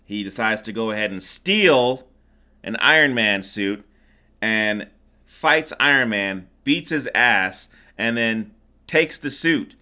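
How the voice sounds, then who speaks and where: A man's voice: lowish voice, expressive, slow, bright, forceful tone. A middle-aged man hosting a podcast, recapping a movie in a rambling, sarcastic way with plenty of fillers. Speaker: podcast host. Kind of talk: casual movie recap chat.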